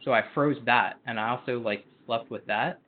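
A man's voice: medium pitch, normal speed. A man co-hosting a podcast in casual chat, rambling with lots of filler words. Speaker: podcast co-host. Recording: tinny phone-like line.

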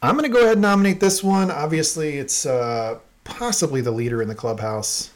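Relaxed male podcast co-host. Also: fairly high pitch, a little fast. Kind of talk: casual chat.

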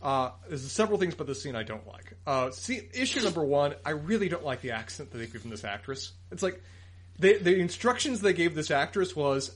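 Husky guy on a review podcast, a bit high-voiced, listing gripes one by one. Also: expressive, brisk. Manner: methodical, lists points, critical. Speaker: podcast co-host. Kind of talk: casual review chat, critique.

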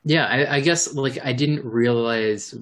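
A man's voice: medium pitch, measured pace, fairly bright tone. A man chatting casually as a podcast co-host, rambling with fillers. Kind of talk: casual chat.

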